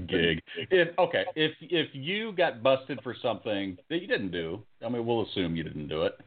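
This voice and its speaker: A man's voice: mid-range voice, big pitch swings, moderate pace. A man co-hosting a podcast, bantering, swearing and throwing out questions. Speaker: podcast co-host. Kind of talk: casual profane chat. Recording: phone-like lo-fi sound.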